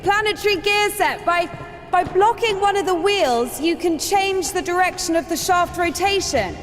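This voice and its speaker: A soft-spoken, earnest young nun. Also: female voice, very high-pitched, moderate pace, in a large hall. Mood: explaining. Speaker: game character. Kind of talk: video game voice acting.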